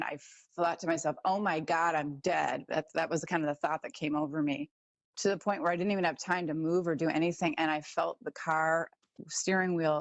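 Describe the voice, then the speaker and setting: A woman guest telling personal stories in an animated way, acting out the voices she quotes. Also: low voice, no room sound. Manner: animated, acts out quoted voices, laughs often. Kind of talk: personal storytelling.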